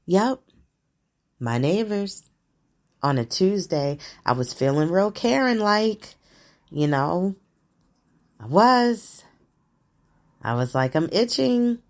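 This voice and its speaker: Woman host, solo casual rant, unhurried delivery with big swings in pitch, blunt and swearing freely. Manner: profane, blunt and animated, laughing often. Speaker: host of her own show. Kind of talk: casual monologue on current events.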